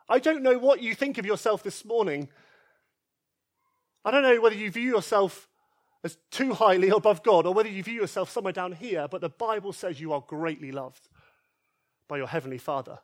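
A man preaching a sermon in church, earnest and emphatic, repeating key phrases and swinging from loud pleas to soft, quiet lines. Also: sits high, animated, normal speed. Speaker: pastor. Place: church service.

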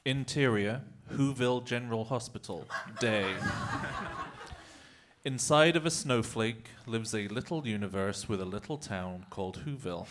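A man's voice: medium pitch, moderate pace, a little hiss or hum. A man narrating stage directions at a live comedy reading in a mock-earnest way.

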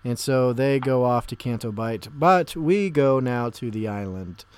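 A man's voice: mid-range voice, a little slow, clean tone, no echo. A man hosting a podcast in a casual movie discussion, recapping scenes and prompting the others. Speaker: podcast host.

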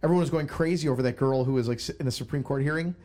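A man's voice: mid-range voice, rapid-fire, a little mellow. A man hosting a casual podcast chat, joking around and stumbling as he reads aloud. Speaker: podcast host.

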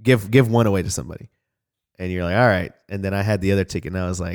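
A man's voice: low-pitched, racing, smooth. A young man from Houston chatting casually on a podcast, telling a story in a laid-back way with a lot of swearing. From Houston, Texas. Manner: laid-back, swears a lot, acts out voices loudly when telling stories.

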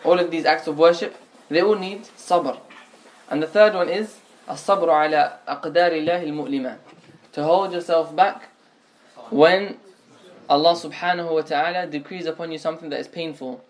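Man, religious lesson, explanatory, fairly high-pitched, repeats himself. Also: steady tone, normal speed. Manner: explanatory, repeats and restates phrases, mixes Arabic terms. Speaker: Islamic teacher.

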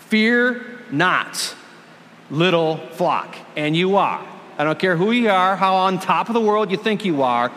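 A pastor preaching a sermon, earnest and emphatic, drawing out key words slowly for effect. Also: male voice, a little high, fairly bright tone, long reverb tail, a little hiss or hum. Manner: earnest and emphatic, with dramatic slowdowns. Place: church.

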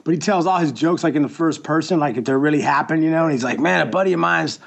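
A man's voice: fairly high pitch, fast, creaky. A young man, a tattoo artist, telling stories in a casual, laid-back way and swearing freely. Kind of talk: casual chat.

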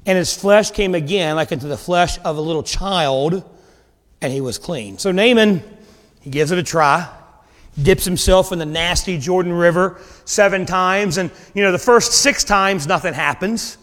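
A male preacher giving a sermon, retelling a scripture story in a casual, animated way with dramatic pauses. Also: high voice, big-room sound.

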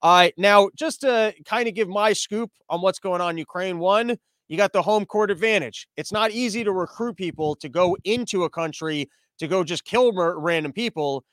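High-voiced profane rambling man. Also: normal speed, fairly bright tone, no room sound. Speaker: podcast host. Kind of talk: casual monologue.

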